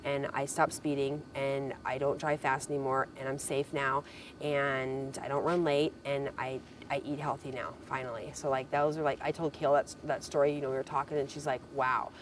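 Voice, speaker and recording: Low-voiced woman rambling through a story. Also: flat delivery, normal speed, a little hiss or hum. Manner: rambling storytelling with many "like" and "I'm like" quotes. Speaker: reality show contestant. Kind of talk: casual private conversation.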